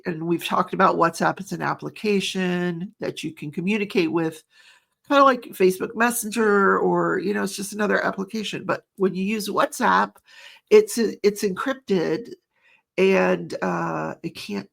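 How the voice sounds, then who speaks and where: A woman's voice: medium pitch, normal speed, vocal fry, a bit bright. A middle-aged woman recapping a trial in a chatty, rambling way, often laughing. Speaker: true crime commentator.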